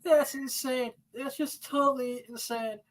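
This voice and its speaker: A woman with a high voice hosts a casual interview. She mostly gives short reactions and asks brief questions to move her guest along. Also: fairly even intonation, measured pace. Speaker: host.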